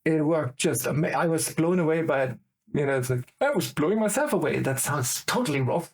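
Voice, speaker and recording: A middle-aged man with a German accent, a guest in casual chat who rambles excitedly from tangent to tangent. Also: a little high, brisk, husky.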